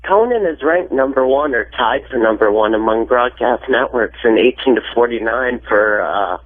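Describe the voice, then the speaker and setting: A man's voice: mid-range voice, expressive, normal speed, phone-quality sound, a little hiss or hum. A man calling in to a radio show, speaking with a pinched nasal sound as if holding his nose. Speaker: caller.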